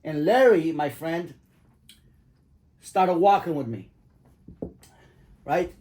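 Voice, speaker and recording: Profane, rambling storyteller dad, fairly high voice. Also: male voice, expressive, slow, warm tone. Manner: rambling, profane, laughs at his own stories. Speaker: father telling stories to his kids. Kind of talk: casual storytelling.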